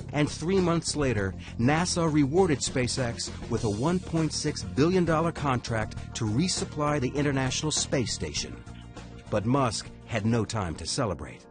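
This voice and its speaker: A man giving scripted documentary narration in a measured, dramatic way. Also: mid-range voice, very animated. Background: music.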